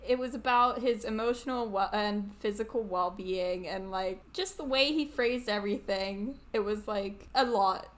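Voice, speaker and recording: A woman's voice: medium pitch, moderate pace, few pauses, a bit bright. A woman co-hosting a podcast, chatty and laughing often. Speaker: podcast co-host. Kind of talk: casual podcast chat.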